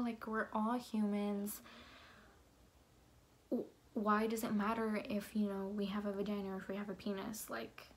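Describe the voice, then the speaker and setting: A young woman vlogging in her bedroom, ranting heatedly with lots of swearing and "like" fillers. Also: medium pitch. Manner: fired-up, swears a lot, many "like" fillers. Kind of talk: heated opinion rant to camera.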